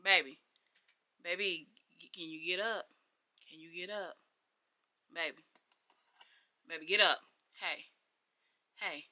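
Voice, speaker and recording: A woman voicing a concerned bystander who coaxes a knocked-out girl back awake in a low, hushed voice. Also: takes it slowly, long pauses. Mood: worried.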